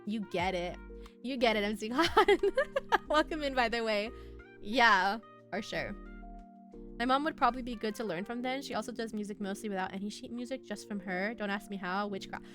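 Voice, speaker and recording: A woman's voice: medium pitch, moderate pace, fairly bright tone. A young woman streaming, chatting casually and giggling as she reads and answers her chat. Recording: faint music behind.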